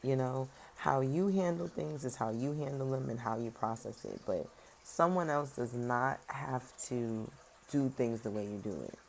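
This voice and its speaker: A woman with an unusually low voice gives a casual tarot reading and talks straight at her viewers. She is sassy and animated, jumping from loud emphasis to soft, serious asides. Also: normal speed, gravelly, a little hiss or hum. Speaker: tarot reader.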